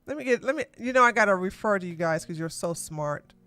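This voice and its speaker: A woman hosting a live political commentary stream, animated and sarcastic, exclaiming and talking to her chat. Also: medium pitch, fast talker, no echo, soft background music. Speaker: podcast host.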